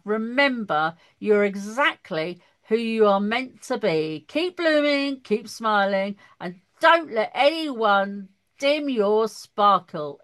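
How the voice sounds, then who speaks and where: A woman in her fifties hosting a podcast, chatty and animated, laughing often. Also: on the high side. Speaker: podcast host. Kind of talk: casual chat.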